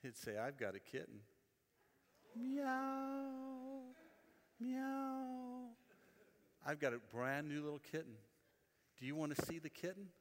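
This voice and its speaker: A man's voice: mid-range voice, brisk, big-room sound. A man preaching a sermon in a conversational, storytelling way, often repeating his phrases.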